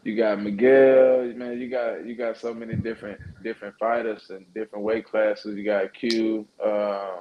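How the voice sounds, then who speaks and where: A boxer talks through an interview in an easygoing, halting way, filling pauses with "uh" and "yeah." His voice sits on the low side. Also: level tone, narrow, tinny audio, a little hiss or hum. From Orange, Texas. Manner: laid-back, hesitant, lots of "uh" and "yeah". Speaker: professional boxer. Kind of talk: casual interview answers.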